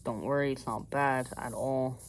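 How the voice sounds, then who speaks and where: A man's voice: medium pitch, steady tone, moderate pace, slight background noise. Rambling chatty man, outdoor vlog. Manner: rambling, chatty, frequent self-corrections. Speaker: vlogger. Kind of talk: casual hands-on how-to vlog. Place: outdoors by a fire. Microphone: camera mic.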